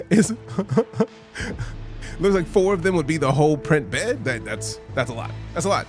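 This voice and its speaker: A man streaming games live, chatting casually with his viewers, greeting them by name, excitable and swearing freely. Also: fairly high pitch, measured pace, faint music behind. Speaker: game streamer.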